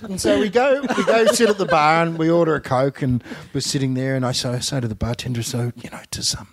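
A middle-aged Australian man telling a lively story as a podcast guest. He acts out the people he quotes and laughs often. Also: on the high side, fast talker. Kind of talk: animated anecdote on a podcast.

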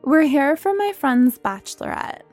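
A woman's voice: high-pitched, animated, darkish tone, faint music behind, voice pushed up. A woman voicing a bubbly, giggly party girl in a read-aloud story. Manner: giggly, slow.

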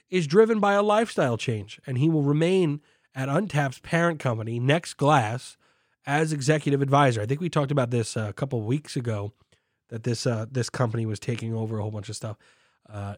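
A man's voice: medium pitch, no echo, clean studio sound. A young man hosting a casual beer podcast, rambling and joking at himself, with many fillers and restarts. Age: young adult. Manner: rambling, self-deprecating, lots of fillers and restarts. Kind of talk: casual chat.

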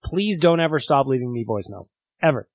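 A man hosts a podcast in a relaxed, casual way and reacts with amusement. His voice is slightly husky, and the sound is dry and close to the mic. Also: mid-range voice, brisk, no echo. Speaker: podcast host.

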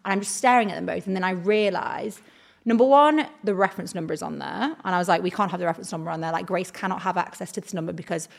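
A woman's voice: on the low side, quick pace, gravelly. A young woman, a talent agent, telling a story as a podcast guest. She acts out the quoted dialogue and says "like" a lot. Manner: animated retelling, acts out quoted dialogue, heavy use of "like". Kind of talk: casual storytelling chat.

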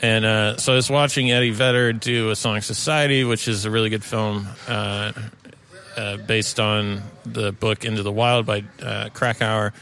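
A man chatting casually in a bar, halting and stammering, with a sardonic, swearing edge. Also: on the low side, steady tone, fairly bright tone. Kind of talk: casual chat.

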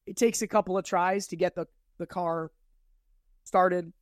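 A man's voice: high-pitched, a little slow, no room sound. Dry, close man retelling a story. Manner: retells the plot, reads quoted passages aloud with lively emphasis. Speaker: podcast co-host recapping a novel. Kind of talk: casual book-recap chat.

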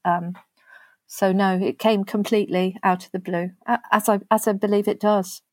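A woman speaking as an interview guest, earnest and halting, often restarting her sentences. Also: mid-range voice, fairly even intonation, no echo. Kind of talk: conversational interview.

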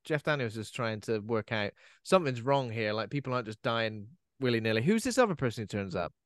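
A man's voice: mid-range voice, animated, fairly quick, dry recording, clean studio sound. A man co-hosting a podcast, talking about a film in a laid-back, casual way, often trailing off or asking questions. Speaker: podcast co-host. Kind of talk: casual chat recapping a film.

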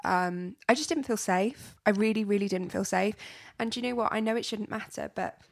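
Young woman chatting on a podcast, bit of vocal fry, dry close sound, rambly storyteller. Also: mid-range voice, brisk, no room sound. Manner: chatty storytelling with many fillers and repeats. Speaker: podcast co-host. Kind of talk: casual chat.

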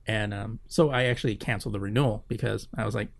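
A man's voice: on the low side, steady tone, quick pace, vocal fry, no echo. A man co-hosting a podcast, telling a long story in a casual, rambling way with lots of fillers and swearing. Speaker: podcast co-host. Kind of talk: casual chat.

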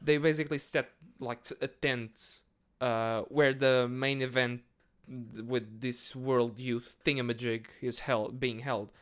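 Slow, rambling man. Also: medium pitch, fairly even intonation, a bit bright, smooth. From Portugal. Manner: rambling, hesitant, lots of fillers and swearing. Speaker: podcast host. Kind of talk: casual monologue.

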